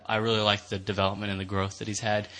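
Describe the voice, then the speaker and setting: A man with a General American accent, co-hosting a podcast in casual chat, with dry, deadpan teasing. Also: fairly low pitch, quick pace. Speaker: podcast co-host.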